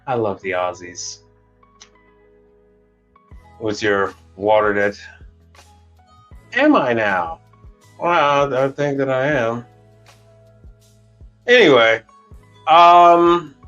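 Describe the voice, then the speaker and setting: A man's voice: medium pitch, a bit bright, dull audio. A man hosting a casual livestream, telling stories bluntly and with plenty of profanity, acting out the dialogue. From Chicago. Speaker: livestream host.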